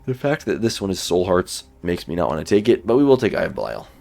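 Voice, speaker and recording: A man casually commenting while playing a video game, thinking aloud about his choices in a relaxed, sleepy way. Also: low-pitched, quick pace, vocal fry. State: sleepy, yawning. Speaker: gaming YouTuber. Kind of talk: let's play commentary.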